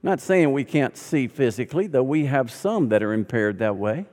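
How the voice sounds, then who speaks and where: A pastor preaches to his congregation in an animated storytelling style, acting out the voices of the people in the story. His voice sits in a middle register for a man. Long reverb from a large sanctuary trails behind every phrase. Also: medium pitch, moderate pace. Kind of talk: sermon.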